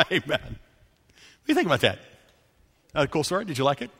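A man preaching a sermon as a pastor, telling stories, dropping to a hush for quoted lines and rising for emphasis. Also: fairly high pitch, very animated, brisk, slightly rough, long reverb tail.

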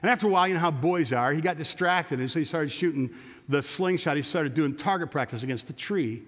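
A male pastor telling a story during a sermon, animated and with frequent restarts. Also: a little high, fairly quick. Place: church sanctuary. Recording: long church reverb.

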